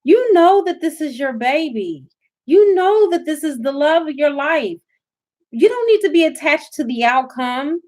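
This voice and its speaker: Woman, emphatic preachy spiritual reader, slightly high voice. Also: lively intonation, unhurried, darkish tone. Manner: emphatic, preachy, addresses viewers as y'all. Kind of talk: live spiritual reading.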